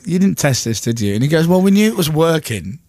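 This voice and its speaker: A man's voice: on the high side, quick pace, dry recording. A man hosting a radio show, bantering and laughing with his co-hosts and guest. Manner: laughing, animated, teasing. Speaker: radio host.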